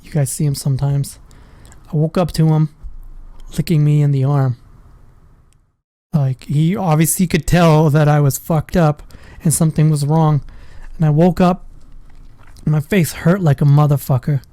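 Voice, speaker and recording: Guy swearing his way through a story, a bit high, mellow voice, dry sound. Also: steady tone, normal speed, pauses often, dry recording. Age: adult with a school-age daughter. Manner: profane, rambling storytelling. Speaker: vlogger. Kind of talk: casual storytelling.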